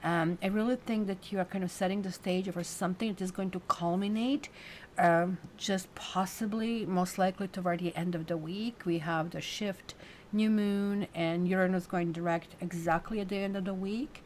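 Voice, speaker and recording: A woman's voice: lowish voice, fairly even intonation, normal speed, a little mellow, a little hiss or hum. A woman giving a casual weekly tarot reading, chatty and full of fillers, who stops to coo at her cat. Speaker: tarot reader.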